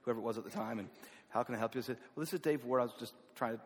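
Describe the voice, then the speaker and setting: A man's voice: mid-range voice, rapid-fire, slightly rough, long reverb tail. A man from North Carolina with a Southern accent, telling personal stories in a folksy, self-deprecating way. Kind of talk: personal storytelling.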